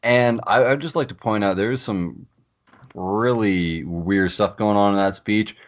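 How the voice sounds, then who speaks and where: Man, podcast co-host, casual chat, low voice, filler-heavy, muffled lo-fi sound. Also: unhurried. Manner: enthusiastic, retells scenes with many fillers.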